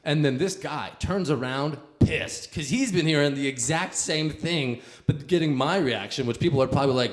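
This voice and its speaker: A man's voice: on the high side, moderate pace, few pauses. A young man, a comedian, telling a rambling story to a live audience in a casual, chatty way with lots of fillers.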